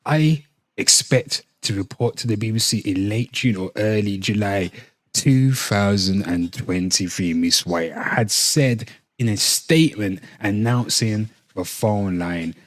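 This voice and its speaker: A man's voice: lowish voice, unhurried, dry recording. A man from Britain reading a news article aloud in a casual reaction video, breaking off with swearing asides and addressing viewers. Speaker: commentary host.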